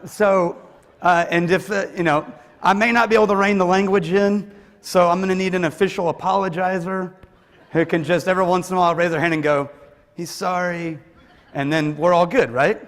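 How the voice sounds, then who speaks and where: A man with a fairly high voice gives a conference talk in a big hall, and his words ring with long reverb. He talks in a joking, conversational way and pokes fun at himself. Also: steady tone, a little fast. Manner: joking, conversational, self-deprecating. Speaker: conference speaker. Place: large hall with audience.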